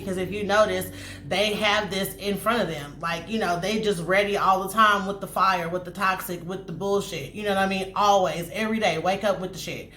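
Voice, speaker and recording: A woman giving a casual tarot reading to camera, chatty and animated, swearing freely and acting out spirit messages. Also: medium pitch. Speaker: tarot reader. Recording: echoey room, faint noise.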